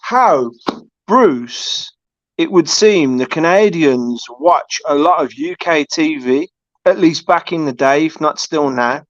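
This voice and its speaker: Chat guest, lively swooping pitch, dry muffled lo-fi call sound. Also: takes it slowly, no room sound. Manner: animated, exclaiming. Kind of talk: casual chat. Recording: dry dull lo-fi call audio.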